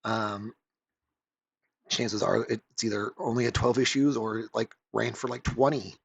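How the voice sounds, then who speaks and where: A man's voice: mid-range voice, little pitch movement, measured pace, vocal fry, a little hiss or hum. A man rambling casually in a vlog, offhand and loose, with frequent swearing. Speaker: comic reviewer.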